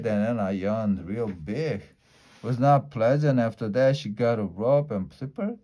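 A man reading a children's storybook aloud in a lively way, shifting his pitch and loudness for the characters' lines. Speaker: storybook reader.

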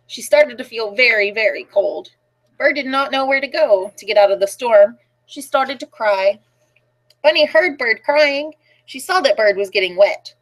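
A woman librarian reading picture books aloud at a children's storytime, sing-song and animated, asking the kids questions. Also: fairly high pitch, moderate pace.

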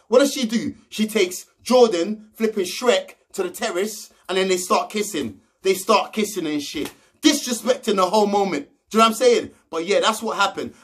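Young man, high voice; casual brash recap vlogger, slangy and sweary. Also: fairly bright tone. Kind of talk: casual episode recap commentary.

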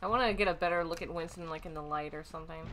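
A woman's voice: sits low, rapid-fire, a little hiss or hum. A woman casually commenting on a video game she plays, swearing often and breaking into laughter. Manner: giggly, excitable, profane. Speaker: game streamer.

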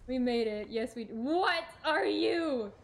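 A young woman narrates her own gameplay in a chatty, self-talking way. She throws in dramatic exclamations as she plays. Her voice sits a little above the usual pitch for a woman. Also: animated, measured pace, creaky. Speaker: streamer. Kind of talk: let's play commentary.

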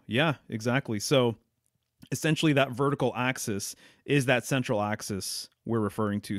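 Chill guy hosting a podcast, mid pitch, dry close mic, easygoing and agreeable. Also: dry recording. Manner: relaxed, agreeable, uses lots of fillers. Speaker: podcast host. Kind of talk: casual conversation.

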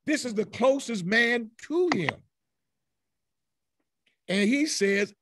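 A man with a Southern US accent leading a Bible study, teaching in an animated way and acting out the voices in the scripture. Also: very high voice, takes it slowly, no room sound.

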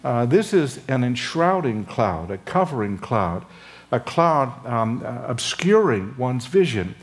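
Older male professor for a chapel sermon: unhurried delivery, expressive rise and fall, lifts his voice to stress key words. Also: mid-range voice. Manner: slow and deliberate, with frequent uh and um, voice lifting for emphasis; acts out dialogue between Moses and God. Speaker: seminary professor.

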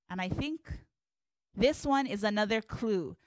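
In an expressive, medium-pitched voice that runs a little slow, a woman teaches a live hula class with clean studio sound and no room noise. Upbeat, she calls out movements using both English and Hawaiian words.

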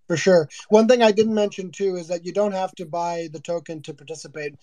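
A man hosts a casual live audio room, joking and friendly with his guests. His voice sits a little high, and he often restarts his sentences. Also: steady tone, brisk, dark tone, a little hiss or hum. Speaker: host.

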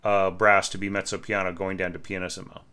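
Man, lowish voice, orchestration teacher, casual spoken critique, chatty, lots of fillers, hums melody lines. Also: level tone, fast, sharp tone, clear, resonant tone. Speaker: orchestration teacher reviewing a student score.

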